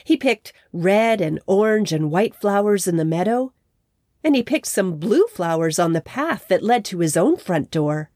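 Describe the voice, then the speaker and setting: A woman narrating a children's story in a gentle, measured way. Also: mid-range voice, expressive, no room sound, studio quality.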